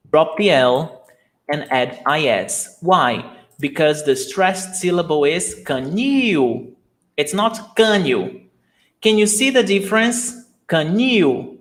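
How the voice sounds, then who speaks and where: Slow, patient Portuguese-speaking male teacher. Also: fairly high pitch, a bit bright. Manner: patient, repeats words slowly for learners. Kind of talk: live online language lesson.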